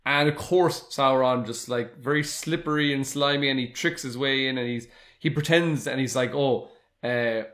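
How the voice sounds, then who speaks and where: A man at an ordinary mid-range pitch chats his way through an episode recap on a podcast. He tells it in an animated way, dropping into quick quoted asides as he goes. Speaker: podcast co-host. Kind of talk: casual episode recap chat.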